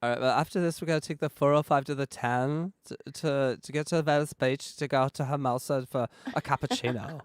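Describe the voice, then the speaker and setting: A man's voice: medium pitch, fairly even intonation, a little fast, few pauses, clear, resonant tone, no echo, clean studio sound. A man hosting a podcast, joking crudely and laughing often in casual chat. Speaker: podcast host.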